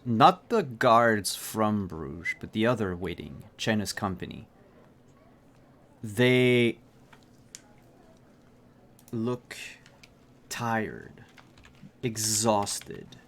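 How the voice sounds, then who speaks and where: Male game master, low voice, unhurried, halting narration with fillers. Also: fairly bright tone. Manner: halting, with many fillers and restarts.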